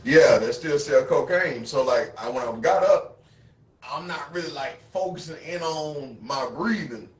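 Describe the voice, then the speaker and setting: A man with a fairly high voice holds forth in casual chat, swearing freely and acting out his own reactions as he tells a story. The recording sounds roomy and echoey. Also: measured pace. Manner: profane, storytelling, animated retellings. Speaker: co-host.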